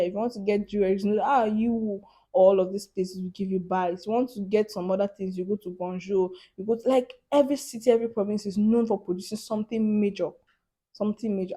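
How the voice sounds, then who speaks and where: A young woman, chatting animatedly in a casual vlog, laughing often and filling her talk with "like". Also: mid-range voice. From Africa. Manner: animated, laughing, lots of "like" fillers. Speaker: vlogger.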